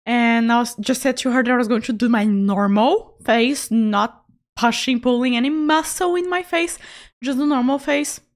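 Woman art streamer, high voice, relaxed chatter, frequent laughs, repeats words for emphasis. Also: normal speed. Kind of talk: casual chat while drawing.

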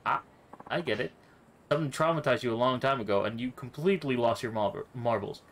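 A man's voice: mid-range voice, brisk, slight background noise, lightly acted. A man voicing a blunt male fighter who answers with sarcastic disbelief. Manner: sarcastic, incredulous.

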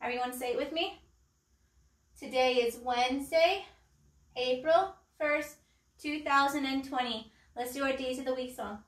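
High-voiced preschool teacher in an echoey room. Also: female voice, far from the mic, very noisy. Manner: slow, clear and encouraging, singing simple songs. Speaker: pre-K teacher. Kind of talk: remote circle-time lesson. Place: room at home. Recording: echoey room, voice away from the mic.

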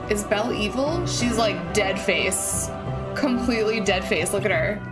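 A woman hosting a game reaction video, animated and giggly, talking back to the screen. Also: mid-range voice, unhurried. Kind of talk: reaction commentary. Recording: game music under the voice. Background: video game music and dialogue.

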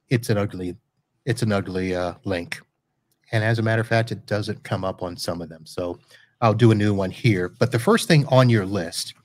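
With no room sound, a lowish male voice chats casually with a guest on a live podcast. The host, working out of a Florida home studio, keeps the interview loose and jokey, correcting himself with a laugh.

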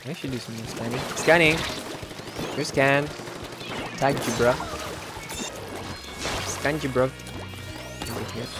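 Excitable man streaming a shooter game. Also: mid-range voice, slow, pauses often. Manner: excitable, swings into shouted outbursts. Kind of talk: live gameplay commentary. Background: loud game music.

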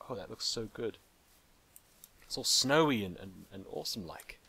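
A man's voice: lowish voice, lively intonation, normal speed, creaky, sharp tone, slightly rough. A young man hosting a let's play, rambling playfully and joking with the animals in the game. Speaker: gaming channel host.

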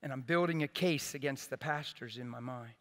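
A man's voice: mid-range voice, fairly quick. Earnest, impassioned male preacher. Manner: earnest, impassioned preaching with sudden loud bursts and dropping to soft asides. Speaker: pastor. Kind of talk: sermon.

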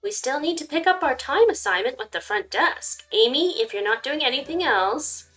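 A woman voicing a busy circus mother who briskly hands out chores during a game playthrough. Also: high-pitched, expressive, fairly bright tone, recorded from a distance, faint music behind, pitched above the performer's own voice.

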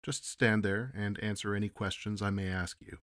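A man's voice: on the low side, fairly even intonation, normal speed, fairly bright tone, lightly acted. A man voicing a polite but commanding official with a clipped, formal manner.

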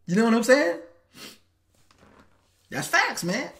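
A man with an African American Vernacular English accent hosting a casual live stream. He talks in loose slang, repeats himself, and his pitch jumps around a lot. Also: sing-song, slow, a bit bright. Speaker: host.

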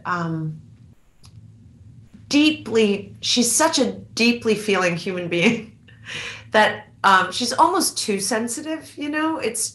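This author, a woman in her fifties, has a lowish, fairly bright voice in an echoey room. During a candid onstage interview she's thoughtful and halting, repeatedly restarting what she says.

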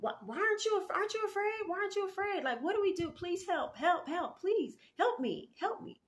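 A woman's voice: very high voice, animated, brisk, pitched above the performer's own voice. A woman doing a frantic stranger begging for help. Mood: panicked pleading. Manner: frantic, pleading, repeating itself.

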